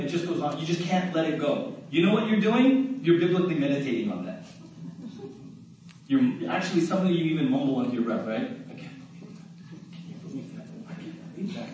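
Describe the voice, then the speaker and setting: A man preaching a sermon in a church, talking to the congregation in an easy, conversational way, asking them questions and saying "right?" often. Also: on the high side. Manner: conversational, asks the crowd questions, repeats "right?". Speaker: pastor. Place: church sanctuary. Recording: very echoey hall, mic at a distance, faint noise.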